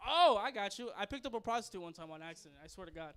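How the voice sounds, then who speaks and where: A man's voice: high voice, expressive, very fast, a bit bright, smooth. A young man doing a stand-up comedy set, loose and crude, rambling and laughing at his own jokes. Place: comedy club stage.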